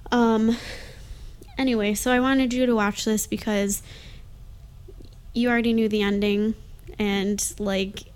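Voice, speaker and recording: A woman talking casually about a film, soft-spoken and hesitant, often pausing with ums and hedging her opinions. Her voice sits at an ordinary middle pitch for a woman. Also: flat delivery, slight background noise. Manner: hesitant, lots of fillers, mildly defensive. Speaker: co-host discussing a movie. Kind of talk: casual chat.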